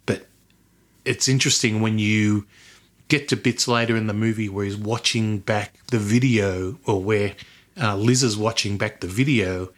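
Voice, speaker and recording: A man's voice: lowish voice, fairly even intonation, normal speed. A man hosting a film podcast, chatting casually, rambling and laughing easily. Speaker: podcast host.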